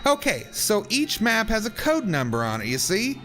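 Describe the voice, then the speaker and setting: A man voicing a helpful woman clerk in a game, briskly explaining things. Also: high voice, huge pitch swings, fairly bright tone, faint music behind, voice pushed up, heavily acted. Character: helpful woman clerk handing over map codes.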